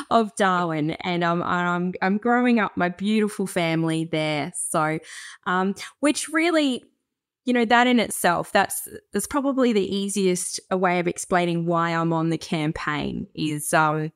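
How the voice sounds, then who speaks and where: An Australian woman guest who chats easily, with frequent fillers and quick laughs. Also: lowish voice, dry recording, clean studio sound. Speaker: guest campaigner. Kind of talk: casual interview chat.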